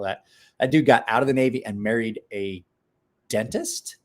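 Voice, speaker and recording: A man's voice: lowish voice, expressive, normal speed. A man chatting casually on a live stream, rambling, restarting words, and talking to his dog in between.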